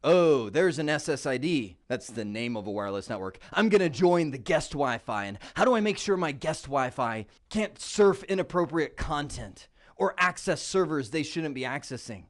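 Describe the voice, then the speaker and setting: Animated male tech instructor. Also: on the high side, moderate pace. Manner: animated, playful, acts out little voices. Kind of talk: video lesson.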